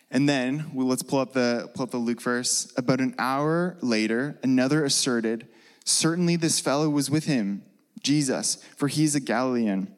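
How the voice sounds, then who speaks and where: A man preaching a sermon in a relaxed, conversational way, with frequent fillers. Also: medium pitch, moderate pace, big-room sound. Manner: casual, conversational, with many fillers.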